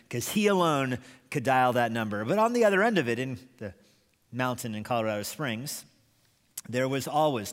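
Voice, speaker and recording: Man preaching in a reverberant church. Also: medium pitch. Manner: animated storyteller, chuckles often. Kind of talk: sermon storytelling. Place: church sanctuary.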